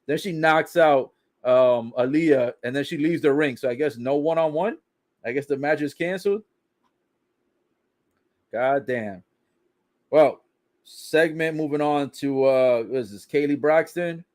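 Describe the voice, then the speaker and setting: A man's voice: a little high, a little slow, long pauses, darkish tone. A man casually recapping a wrestling broadcast, swearing, joking in slang and laughing often. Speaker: wrestling show reaction commentator.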